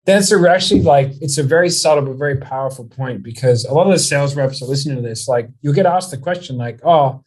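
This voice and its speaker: A man hosting a podcast, talking quickly and energetically and acting out quoted sales exchanges. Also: mid-range voice, darkish tone. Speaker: podcast host. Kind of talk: casual podcast interview.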